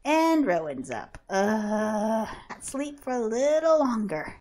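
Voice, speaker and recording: A woman narrates her game session, bossing and cheering on the characters as she plays. Her voice sits high and swoops widely as she reacts, with frequent laughter. It is chatty, animated commentary. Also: slow. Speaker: author playing a life-sim game. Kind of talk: gameplay commentary.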